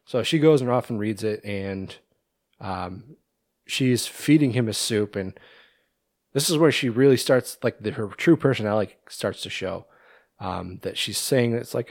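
Guy on a podcast walking through a movie plot, lowish voice, dry close sound, lots of ums. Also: animated, a little slow, creaky, dry recording. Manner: retells scenes with many ums and restarts. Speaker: podcast co-host. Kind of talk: casual movie discussion.

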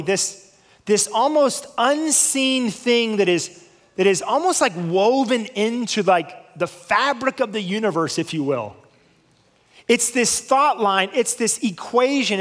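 A man with a fairly high voice delivers a storytelling sermon, drawing out key words for effect. His voice rings with the long reverb of a large hall. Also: lively intonation, measured pace, a bit bright. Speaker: preacher.

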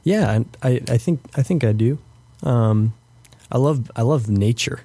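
Mellow-voiced young man, thoughtful guest. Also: mid-range voice, a little slow, breathy edge. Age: young adult. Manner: hesitant, many restarts and fillers. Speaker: podcast guest. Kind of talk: thoughtful interview answers.

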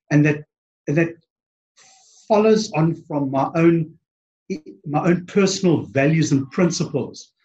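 A man's voice: fairly high pitch, darkish tone, highs cut off. A man with a South African accent, a guest in a casual interview, speaking hesitantly with many ums and restarts. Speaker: podcast guest.

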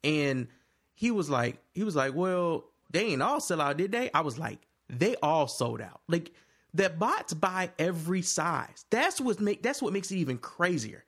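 A man with a fairly high voice talks with friends, swearing freely. His pitch swings widely as he tells his story. He sounds worked up and animated. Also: moderate pace. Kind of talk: casual chat.

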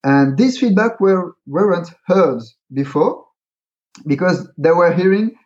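Man, slightly higher voice, hesitant with fillers, dull lo-fi recording. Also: lively intonation, unhurried, a little mellow. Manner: hesitant, many fillers and restarts, explains with examples. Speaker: guest, creator of a pitching card game. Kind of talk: casual interview talk. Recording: dull, lo-fi sound.

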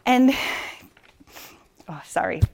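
A woman's voice: medium pitch, animated, extremely slow, vocal fry, husky. A woman physician telling a personal story on stage, casual and chatty, with many fillers and frequent laughs.

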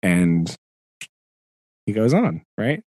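A man co-hosting a podcast, casually retelling a book chapter in an animated way, acting out the characters' lines with lots of filler words. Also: lowish voice, drawn-out words, breathy edge, no room sound. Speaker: podcast co-host.

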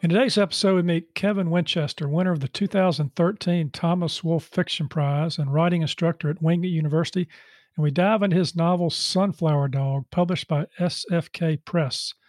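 A man's voice: on the high side, brisk, darkish tone, no room sound, clean studio sound. A male podcast host introducing the episode and reading announcements in a chatty way, with many "uh" fillers. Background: guitar music.

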